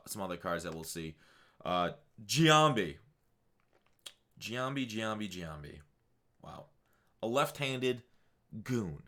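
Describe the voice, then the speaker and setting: A man's voice: medium pitch, sharp tone. A man hosting a gaming channel, talking casually through his picks with lots of fillers and restarts. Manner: rambling, many fillers and self-corrections. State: hiccuping. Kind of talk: casual video game commentary.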